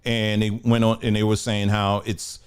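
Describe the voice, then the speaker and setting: A man's voice: fairly low pitch, little pitch movement, normal speed, smooth. A middle-aged man hosting a casual news commentary show, rambling, muttering to himself and laughing often. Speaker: host.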